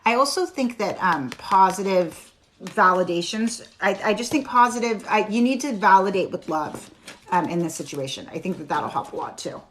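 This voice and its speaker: A woman's voice: medium pitch, animated, moderate pace, fairly bright tone, slight background noise. A woman giving a live-stream tarot reading, reassuring and chatty with her viewers. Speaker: tarot reader.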